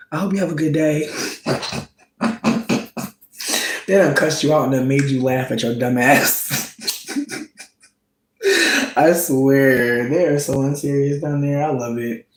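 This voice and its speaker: A man chatting casually, gossiping about reality TV in a slangy, campy style. His voice swings into high squeals when he quotes reactions. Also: echoey room, low-quality recording. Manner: slangy, campy storytelling with frequent "bitch" and "like". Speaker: vlogger.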